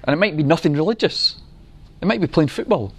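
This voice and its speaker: A middle-aged man preaching a sermon, earnest and unhurried, telling stories and acting out quotes. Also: fairly high pitch, expressive, a bit bright, breathy edge.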